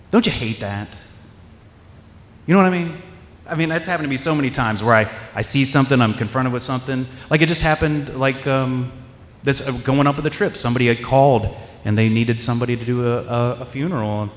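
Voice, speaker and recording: A man's voice: medium pitch, normal speed. A man preaching a sermon as pastor, in a loose, conversational way, acting out quoted voices and restarting his sentences often. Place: church sanctuary. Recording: echoey hall with long reverb.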